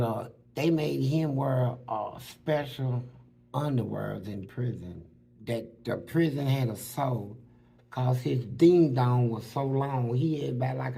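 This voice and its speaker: A man casually telling stories from prison, animated and full of street slang, acting out what other people said. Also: mid-range voice, vocal fry. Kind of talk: casual storytelling.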